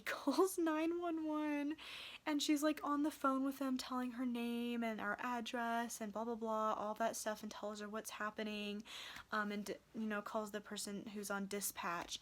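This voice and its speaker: Young female vlogger, tired and chatty, rambling storyteller full of fillers. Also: a little high. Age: young adult. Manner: rambling, heavy use of "like" and "um". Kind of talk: casual storytelling vlog.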